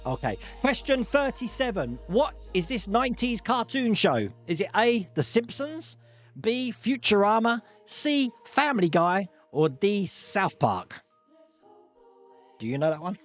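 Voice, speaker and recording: A man hosting a live-streamed pub quiz, jokey and quick to laugh as he reads out multiple-choice options. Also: high voice, sing-song, soft background music. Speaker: quiz host.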